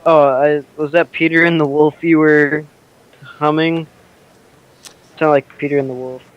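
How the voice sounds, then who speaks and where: A man with a smooth, resonant, slightly high voice, declaring his character's moves hesitantly and restarting often. The sound is dull and lo-fi, like audio from a voice call. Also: little pitch movement, measured pace. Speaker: player. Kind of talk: in-character tabletop play.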